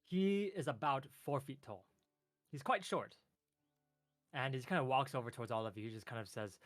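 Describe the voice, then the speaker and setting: A man runs a tabletop game, narrating scenes in a loose, easygoing way. His voice is mid-pitched and dry, recorded close with little room sound. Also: no room sound. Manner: relaxed, loose narration with filler words. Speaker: game master.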